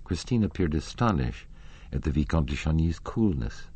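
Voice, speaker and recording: A male audiobook narrator with a very deep, husky voice. His delivery is expressive and measured, swinging through a wide pitch range as he tells the story. The recording is dry and close. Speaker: audiobook reader.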